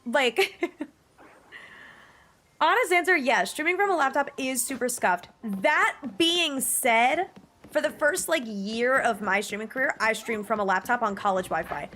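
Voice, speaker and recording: A young woman in her twenties streaming, chatting casually with viewers in a bubbly, giggly way, her pitch jumping up often. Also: expressive, a little slow, pushed and bright. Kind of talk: casual livestream chat reading viewer messages. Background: faint music.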